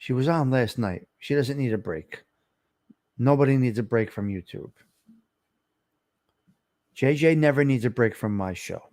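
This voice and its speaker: An Italian-American man from New Jersey hosts a casual livestream, chatting as he reads live comments and asking viewers how his mic sounds. His voice is medium-pitched and darkish, with a measured pace and frequent pauses. The close desk microphone gives a clean, studio-quality sound with no echo.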